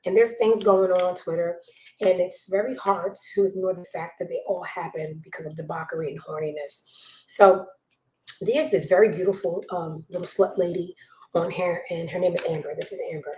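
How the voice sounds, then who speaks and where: A woman hosts a casual gossip show from her home, talking into a desk mic. She is blunt and openly judgmental, swinging from loud outbursts to hushed asides. Her voice sits a little low and the room rings with echo. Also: steady tone, normal speed. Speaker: show host. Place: home room with a child nearby.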